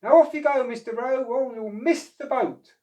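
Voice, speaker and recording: A man voicing an eager young boy who works on a storybook dock, with excited, bright exclamations. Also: very high voice, measured pace, echoey room, recorded from a distance, voice pushed up.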